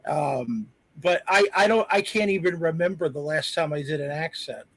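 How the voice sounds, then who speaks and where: A man's voice: on the high side, moderate pace, fairly bright tone. A man who acts, chatting casually on a panel in a self-deprecating, rambling way. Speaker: actor guest on a panel.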